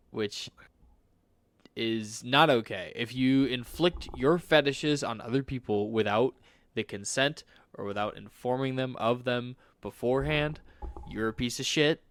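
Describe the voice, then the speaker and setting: A man's voice: mid-range voice, no room sound. A man co-hosting a podcast in casual chat, blunt and swearing as he tells stories with quoted reactions into a studio microphone. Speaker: podcast co-host.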